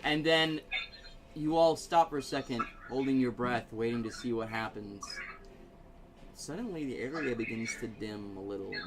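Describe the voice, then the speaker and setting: A man's voice: mid-range voice, moderate pace, noisy background. A man running a tabletop role-playing game as game master, narrating casually with fillers and laughs. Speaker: dungeon master.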